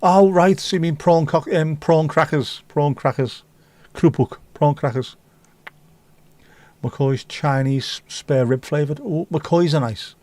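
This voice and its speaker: A man's voice: on the high side, takes it slowly, warm tone, dry recording. Rambling middle-aged man, casual chat. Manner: rambling, chats while reading viewer comments aloud. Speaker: livestream host.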